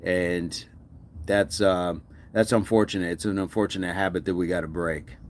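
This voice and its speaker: A man's voice: deep voice, fairly even intonation, moderate pace, a little hiss or hum. A man hosting a fitness livestream, chatting casually and answering viewer comments with encouragement.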